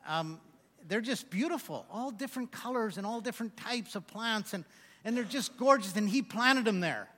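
A man delivers a sermon from the pulpit in a high, bright voice. He breaks up his scripture readings with joking, self-mocking asides. The sound carries a long reverb from the hall. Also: animated, moderate pace. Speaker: preacher.

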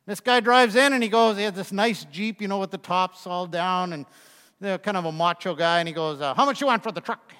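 A man's voice: high-pitched, fairly even intonation, fairly quick, fairly bright tone, clean tone. A man in his sixties preaching a conversational sermon, telling folksy stories with asides to the congregation. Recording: long reverb of a large hall.

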